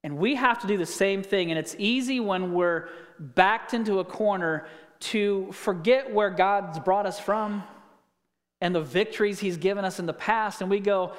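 High-voiced pastor preaching in a reverberant hall. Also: male voice, moderate pace. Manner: conversational preaching with scripture reading and anecdotes. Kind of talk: sermon.

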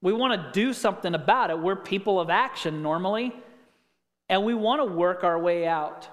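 A man's voice: high voice, moderate pace, fairly bright tone, big-room sound. A man pastor preaching a sermon in a conversational way, reading scripture and telling stories.

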